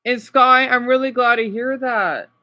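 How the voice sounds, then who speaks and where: A man's voice: very high voice, steady tone, a little slow, highs cut off. Upset young man ranting on a livestream. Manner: upset, ranting, with many restarts and apologies. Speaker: livestreamer reacting to videos. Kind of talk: rambling livestream chat with viewers.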